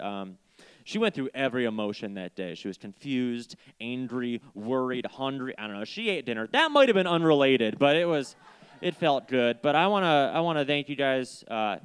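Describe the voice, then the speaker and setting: Young male stand-up, digressive and self-mocking, lively swooping delivery, smooth clear tone. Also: medium pitch, moderate pace. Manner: rambling, self-deprecating, digressive. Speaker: stand-up comedian. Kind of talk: stand-up storytelling. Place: small community stage.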